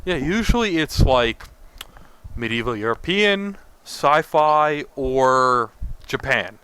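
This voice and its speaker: A young man co-hosting a podcast, chatting casually about games in a relaxed, rambling way. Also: mid-range voice, slow pace, smooth. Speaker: podcast co-host. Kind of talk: casual gaming chat.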